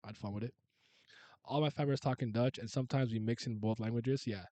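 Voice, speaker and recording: A young man from Canada chatting casually on a live stream, answering comments in an animated way and swearing freely. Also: medium pitch, quick pace, no echo. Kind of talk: casual live reaction chat.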